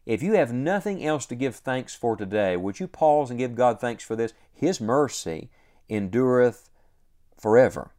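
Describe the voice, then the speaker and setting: A man preaches a devotional sermon in an animated, dark-toned voice of medium pitch. Earnest and emphatic, he repeats key lines and lets their final words stretch out slowly.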